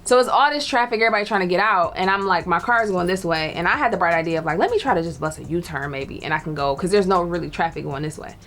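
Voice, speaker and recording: Animated woman telling a story. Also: fairly low pitch, fast, hardly any pauses, a little hiss or hum. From Detroit. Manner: animated, laughs often, acts out quotes. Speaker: storyteller guest. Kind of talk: casual storytelling.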